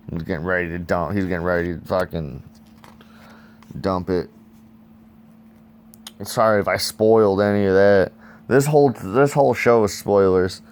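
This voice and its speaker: Low-voiced man rambling about comics. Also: normal speed, slight background noise. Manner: profane, excitable, sound effects and acted-out dialogue. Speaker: comic book reviewer. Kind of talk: casual rambling commentary.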